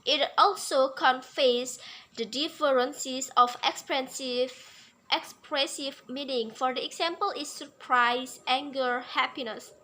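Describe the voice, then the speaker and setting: A woman's voice: high voice, fairly even intonation, slow, sharp tone. A young woman, a native Indonesian speaker, reading out English lesson notes carefully, with fillers and repeated words. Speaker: English teacher.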